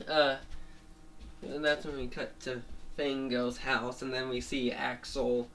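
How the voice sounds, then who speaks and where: A man's voice: medium pitch, flat delivery, slow, a bit bright. A man casually retelling a made-up story, rambling with many restarts, fillers and small laughs.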